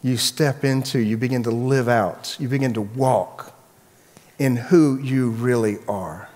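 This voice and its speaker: A man, the pastor, preaching a sermon and telling a personal story in a relaxed, chatty way with frequent restarts. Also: medium pitch, unhurried, in a large hall. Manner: casual storytelling, many restarts.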